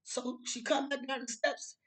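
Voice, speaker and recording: High-pitched woman, casual profane storyteller, talks straight to viewers. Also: a little slow, slightly rough, low-quality recording. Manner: animated, profane, frequent "right?" asides to viewers. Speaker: storyteller vlogger.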